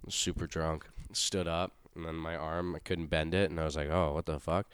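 A young man chatting casually, telling rambling, profane stories and acting out quotes with loud bursts. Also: very deep voice, moderate pace, clear, resonant tone, dry recording. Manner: profane, rambling storytelling with animated acted-out quotes. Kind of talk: casual podcast chat.

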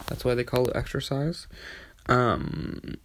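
A man's voice: mid-range voice, steady tone, takes it slowly, no echo. A tired young man hosting a podcast, rambling with many fillers in a casual monologue. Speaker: podcast host.

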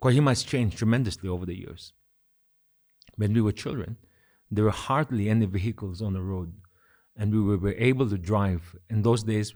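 Emphatic preacher. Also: male voice, lowish voice. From Nagaland, India. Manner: emphatic, builds with repeated phrases and swings of loudness. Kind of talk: sermon.

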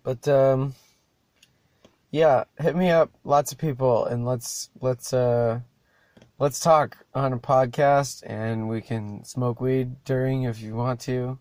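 A man's voice: mid-range voice, steady tone, takes it slowly, darkish tone, no room sound. A man hosting his own podcast, talking alone in a loose, profane, stop-start ramble. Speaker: podcast host. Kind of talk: rambling solo podcast chat.

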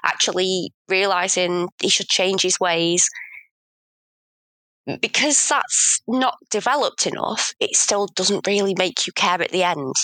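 A woman's voice: mid-range voice, unhurried, sharp tone, no room sound. A woman, co-hosting a casual film review chat, thoughtful and hedging, with self-mocking humor. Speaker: podcast co-host.

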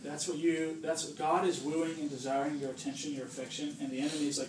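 This man's voice sits on the high side and stays level, quick and a little mellow, with hardly any pauses. He's a preacher giving a casual sermon to a small gathering, chatting, joking, doing voices, and asking "right?" often. The audio is distant and roomy, with noise in the background.

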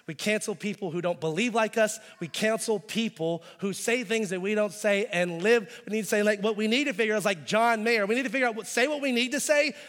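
A male pastor preaching a sermon, moving between quiet intense stretches and loud, pleading passages where he acts out voices. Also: high voice, long reverb tail.

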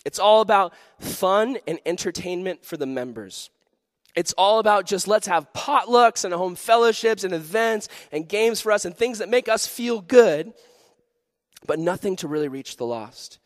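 High-voiced animated youth pastor, man. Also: normal speed, dry recording, clean studio sound. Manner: animated storytelling, acting out voices and shouts. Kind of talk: sermon.

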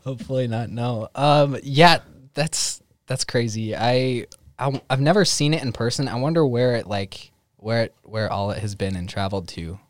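A man's voice: medium pitch, moderate pace, no room sound, clean studio sound. A young man from Northwest Missouri co-hosting a casual podcast, laughing often and restarting his sentences. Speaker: podcast co-host.

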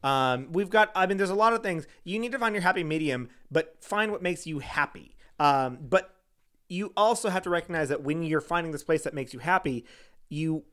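Giggly, animated man co-hosting a chat. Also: a little high, normal speed, clear, resonant tone. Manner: giggly, animated, frequent laughter. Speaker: podcast co-host. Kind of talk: casual chat recapping a reality show.

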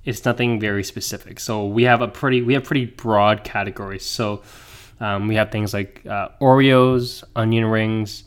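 A man's voice: fairly low pitch, steady tone, moderate pace, smooth. A man co-hosting a podcast in casual chat, joking and rambling, often breaking into laughter. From Canada. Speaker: podcast co-host.

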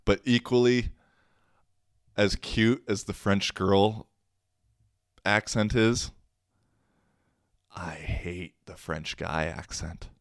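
A young man hosts a solo podcast in a slangy, rambling, self-mocking chat. His voice sits low and deep, and he talks at an unhurried pace. The sound is dry and close, with no room around it. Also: dry recording. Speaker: podcast host.

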